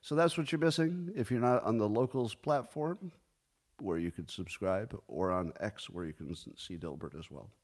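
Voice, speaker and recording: A man in his sixties hosting a solo commentary show, talking casually with dry sarcasm and mock outbursts. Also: on the low side. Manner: sarcastic, deadpan joking with sudden mock outbursts. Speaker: podcast host.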